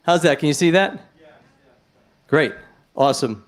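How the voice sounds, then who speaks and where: A man's voice: fairly high pitch, animated, unhurried. A middle-aged man with a New York accent, a musician chatting friendly and rambling between songs on a live stream. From New York City. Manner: rambling, friendly, with shout-outs and chuckles.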